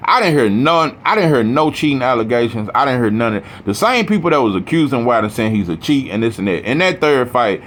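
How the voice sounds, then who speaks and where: A man's voice: mid-range voice, sing-song, a little fast, hardly any pauses, fairly bright tone, a little hiss or hum. A man talking boxing in a casual, heated, profane rant, rambling with restarts. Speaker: boxing commentator.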